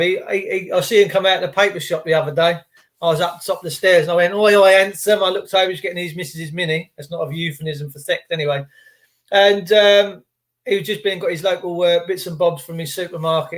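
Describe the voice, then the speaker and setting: A man with a British accent and a high-set voice holds forth alone to the camera. He talks in a heated, emphatic way, circling back and repeating phrases to hammer his points home. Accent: British English. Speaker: host. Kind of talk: monologue rant to camera.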